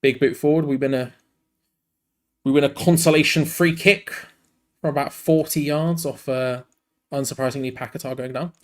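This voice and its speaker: A man's voice: mid-range voice, steady tone, moderate pace, long pauses. A tired man hosting a live fan watch-along, switching between match commentary and rambling, frank asides.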